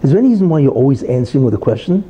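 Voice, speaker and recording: A man voicing an impatient courtroom judge inside a joke, asking in a quick, exasperated way. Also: mid-range voice, sing-song, mellow, husky, rough recording.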